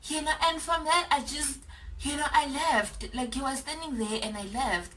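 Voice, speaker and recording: A South African woman chatting to camera in an animated, exasperated and teasing way. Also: high voice, moderate pace, far from the mic, a little hiss or hum. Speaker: YouTuber. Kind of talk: casual vlog chat.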